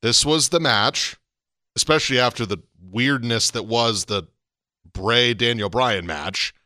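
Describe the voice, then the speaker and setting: Male podcast co-host, animated casual talker, bright voice. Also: medium pitch, unhurried, dry recording, clean studio sound. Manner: animated, rising to emphatic peaks. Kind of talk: casual wrestling chat.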